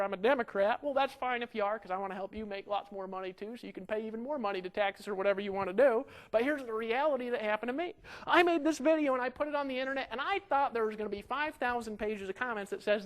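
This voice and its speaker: A man giving an energetic marketing webinar from a home setup, talking in a pushy sales patter full of rhetorical questions. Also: high-pitched, rough recording.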